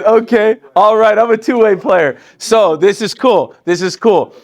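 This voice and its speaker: Animated joking man leading a training. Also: high-pitched, a little slow. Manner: animated, joking, laughs often, talks straight to the room. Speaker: sales team trainer. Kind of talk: live training talk to an audience.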